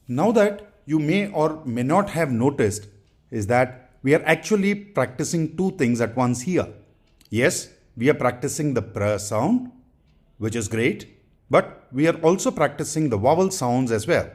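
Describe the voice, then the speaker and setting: A man teaching English pronunciation, saying each practice word twice in a deliberate, instructional way. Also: mid-range voice, expressive, a little mellow. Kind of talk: slow instructional drilling.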